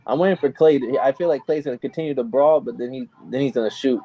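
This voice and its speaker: A man's voice: medium pitch, fast talker, mellow. A man co-hosting a casual fight-watching chat, laid-back and calling his friends "bro". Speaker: podcast co-host. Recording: dull lo-fi mic with faint background noise.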